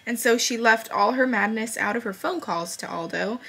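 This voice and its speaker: Woman, book vlogger, husky voice, casual and candid, reads passages aloud with feeling. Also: a little high, moderate pace, fairly bright tone. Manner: candid and emotional, swears casually.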